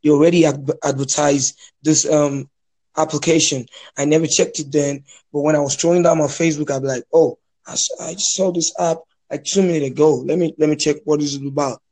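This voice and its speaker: A young man from Nigeria with a Nigerian accent, chatting casually on a podcast, often pausing and restarting his sentences. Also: on the high side, fairly even intonation, dark tone. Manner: hesitant, many restarts and fillers. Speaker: podcast guest. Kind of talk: casual chat.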